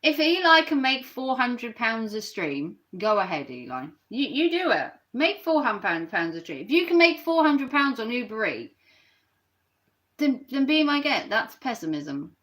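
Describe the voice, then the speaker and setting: A woman's voice: on the high side, sing-song, unhurried, fairly bright tone. A woman ranting on a live stream and reacting to her chat, sarcastic and mocking.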